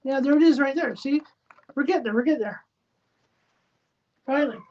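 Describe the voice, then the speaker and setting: A woman's voice: sits high, a little fast, a little mellow. Woman muttering through a crafting stream. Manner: mutters to herself while narrating each step. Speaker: livestream host. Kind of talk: casual running commentary while crafting. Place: spare bedroom at home used as a studio. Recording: dull lo-fi sound with faint noise.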